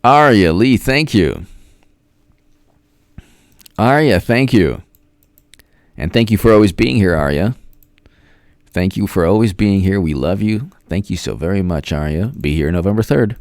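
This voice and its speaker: A man with a low voice hosts a casual live stream and rambles from one thought to the next. Now and then he stretches out viewers' names in a sing-song voice. The sound is dry and close, with no room in it. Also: animated, unhurried, long pauses, darkish tone, no room sound. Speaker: political commentary host. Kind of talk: casual livestream chat.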